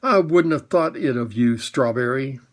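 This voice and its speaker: A man's voice: mid-range voice, lively intonation, normal speed, natural voice. A man doing a blunt cabby. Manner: blunt, rough working-class talk. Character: rough-spoken cab driver, plain-hearted man.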